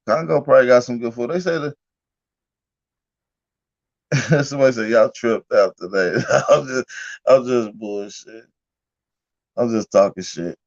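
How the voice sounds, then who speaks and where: A man talking casually on a livestream at a middle pitch, loose and profane, breaking into laughter as he tells his stories. The audio is a bit muffled and lo-fi, like a low-quality stream capture. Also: unhurried, long pauses. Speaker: livestream host.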